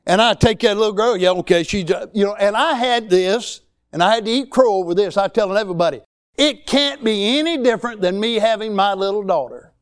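A man's voice: high voice, a little fast, clear, resonant tone. A man, preaching a sermon in a folksy, emphatic way with rising exclamations. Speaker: pastor.

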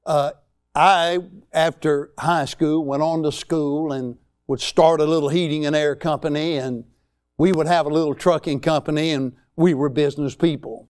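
A man's voice: on the high side, steady tone, moderate pace, darkish tone, clear, resonant tone. A man, preaching a sermon in a folksy, emphatic way with rising exclamations. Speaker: pastor.

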